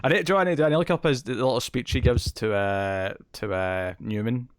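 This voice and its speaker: A man's voice: mid-range voice, fairly quick, clean tone, no room sound, studio quality. A man co-hosting a podcast in casual chat, rambling and laughing often. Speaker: podcast co-host.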